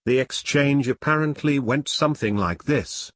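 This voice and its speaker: A man narrating online stories aloud in a steady, matter-of-fact reading voice. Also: mid-range voice, normal speed, dry recording, clean studio sound.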